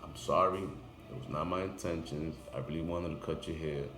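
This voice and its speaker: Deep-voiced man telling an intense story. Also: steady tone, moderate pace. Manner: intense, emphatic, drifts louder and quieter. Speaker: barber telling a personal story. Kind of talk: casual spoken monologue. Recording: echoey room with background noise.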